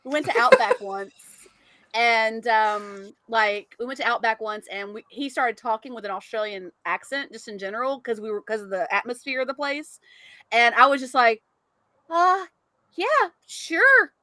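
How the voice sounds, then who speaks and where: A woman's voice: fairly high pitch, animated, normal speed, sharp tone, no echo. A woman hosting a podcast, chatting casually, laughing often and reading out chat comments. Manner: chatty, giggly, reads chat comments aloud. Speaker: podcast host. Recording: dry close mic.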